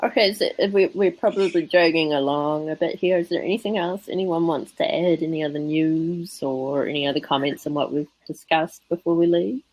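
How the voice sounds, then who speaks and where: A woman's voice: sits low, fairly even intonation, brisk, hardly any pauses, a little mellow, low-quality recording. A woman with an English accent hosting a casual podcast panel chat, chatty and laughing often. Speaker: podcast host.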